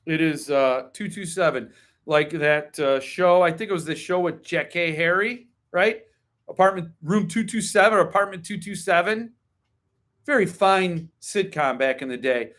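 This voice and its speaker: This is a man with a slightly high-pitched voice, hosting a casual live stream about books. He chats loosely, full of ums and side remarks. He readily slides into opinionated, wryly grumpy rants. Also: normal speed, a bit bright. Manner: opinionated, wry grumbling rants; chatty, digresses with ums and asides. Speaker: host.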